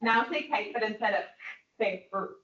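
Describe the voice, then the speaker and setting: A woman presenting at a training workshop, leading a quick call-and-response drill with her listeners. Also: mid-range voice, a bit bright. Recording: echoey room, distant dull mic.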